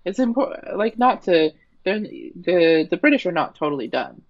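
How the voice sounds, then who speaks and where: A man's voice: sits high, big pitch swings, normal speed. A man co-hosting a podcast in casual chat, thinking aloud and hesitating often. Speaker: podcast co-host. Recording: dull lo-fi sound.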